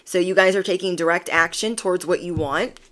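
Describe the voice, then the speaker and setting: A woman's voice: lowish voice, brisk, fairly bright tone, a little hiss or hum. A woman giving an emphatic pick-a-card tarot reading, repeating affirmations. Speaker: tarot reader.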